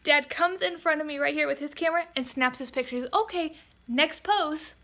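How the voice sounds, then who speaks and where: Speaking in a high register, the photographer narrates her storytime vlog with plenty of exasperated energy. Customer lines get delivered in quick, imitated voices.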